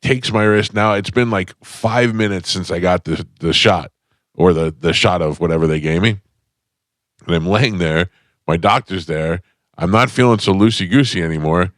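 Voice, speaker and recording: Deep-voiced man telling a rambling story. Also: moderate pace, no room sound, clean studio sound. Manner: rambling comic storytelling, self-deprecating. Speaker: radio show host. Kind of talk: casual radio chat. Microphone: studio microphone.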